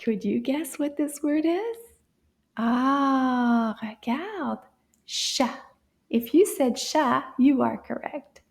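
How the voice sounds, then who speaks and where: A woman teaching a French lesson for children, cheerful and encouraging, mixing English with French and often dropping into soft whispers. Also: high voice, slow pace, creaky.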